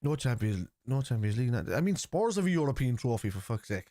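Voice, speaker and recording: A man's voice: medium pitch, sing-song, fast talker, warm tone, no echo. A man hosting a live football watchalong, chatting casually in a blunt, opinionated way with plenty of swearing and repeated points. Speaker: host of a football watchalong stream. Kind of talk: casual live commentary and chat.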